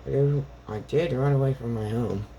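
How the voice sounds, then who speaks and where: A man voicing a blunt, foul-mouthed young man in a retold fan story, speaking a little higher than his own voice. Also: moderate pace, dark tone, a little hiss or hum, natural voice. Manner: blunt, swears freely.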